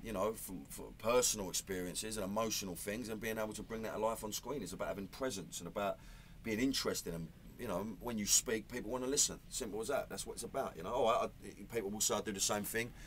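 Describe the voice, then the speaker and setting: A low-pitched man with a Cockney London accent talks quickly and bluntly, peppering his speech with "you know" and "mate". It's casual, matey interview talk over a faint hiss of background noise. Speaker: actor being interviewed.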